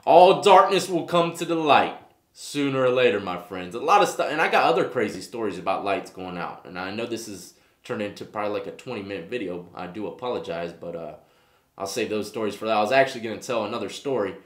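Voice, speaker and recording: A man's voice: lowish voice, expressive, fast, fairly bright tone, roomy sound. Slangy man telling jail stories. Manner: street slang, frequent "okay?" and "you know what I mean". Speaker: YouTube host telling prison stories. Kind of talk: casual storytelling to camera.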